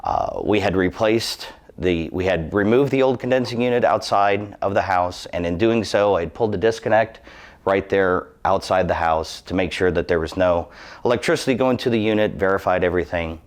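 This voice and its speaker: Low-pitched man in his thirties, earnest and cautionary, sharing a personal safety story. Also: moderate pace. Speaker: employee giving a safety testimonial.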